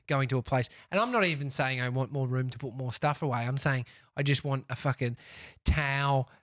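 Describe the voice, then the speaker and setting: A man's voice: mid-range voice, fairly quick, a bit bright, no room sound, clean studio sound. Blunt, sweary Australian man. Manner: blunt, sweary, laughs a lot. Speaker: podcast co-host. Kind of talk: casual studio banter.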